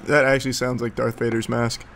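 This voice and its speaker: A man's voice: mid-range voice, level tone, a little fast, creaky, very noisy. A man in his thirties giving casual, sarcastic reaction commentary, swearing freely and mocking what he watches.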